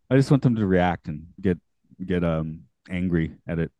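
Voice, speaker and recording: A man's voice: deep voice, animated, measured pace, warm tone, no room sound, muffled recording. A man co-hosting a podcast in casual chat, wry, laughing often and reading from his notes. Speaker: podcast co-host.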